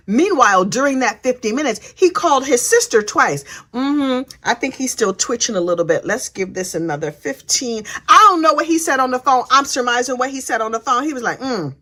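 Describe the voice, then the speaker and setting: A woman's voice: high voice, pushed and bright. A woman giving a sassy, comic recap of a courtroom day and acting out the people in it. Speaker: true crime commentator.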